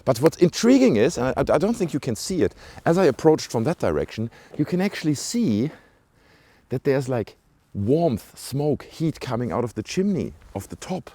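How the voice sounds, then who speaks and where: Here the British-sounding vlogger has a mid-range, mellow, slightly rough voice with big pitch swings, talking at a moderate pace. He rambles casually to viewers with many asides and fillers while strolling outdoors in a small village. The recording, from a handheld camera mic, is dry.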